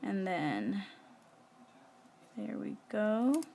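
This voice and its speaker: A woman with a medium-pitched, gravelly, dark voice talks very slowly but with lots of animation, over a faint hiss or hum. She's a planner vlogger chatting casually on a live stream from home as she works on her planner, rambling and using plenty of fillers.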